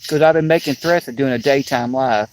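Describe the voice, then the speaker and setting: A man's voice: medium pitch, a little fast, poor audio. A sleepy, yawning man rambling to his livestream viewers outdoors on a riverbank, in a drawling, plainspoken way. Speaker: fishing livestreamer. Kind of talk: rambling casual chat to viewers. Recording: outdoor clip with loud insect noise.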